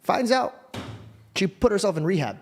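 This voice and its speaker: A man hosting a podcast, telling a personal story in a casual, profane, animated way. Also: high voice, moderate pace, slight background noise. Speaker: podcast host.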